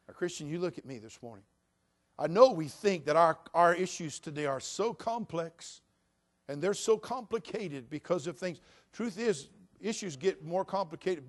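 A man preaching a sermon as pastor, swinging from loud shouts to quiet, intimate talk. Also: fairly high pitch.

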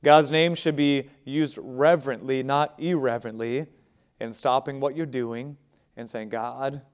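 An American man delivers a sermon in a relaxed, conversational way, turning to the congregation with everyday asides. His voice is smooth and resonant at an ordinary middle pitch. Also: unhurried. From United States. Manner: conversational preaching with asides and chuckles. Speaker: pastor.

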